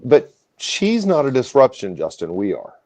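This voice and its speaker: A man in casual podcast chat, relaxed and quick to laugh, sometimes arguing the other side. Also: mid-range voice. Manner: relaxed, laughs easily, plays devil's advocate. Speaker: co-host.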